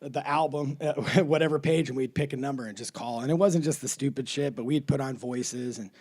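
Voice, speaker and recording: A man's voice: medium pitch, fairly even intonation, brisk, darkish tone. A middle-aged man, a comedian, telling a profane story in a rowdy, swearing, laughing way. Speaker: comedian guest.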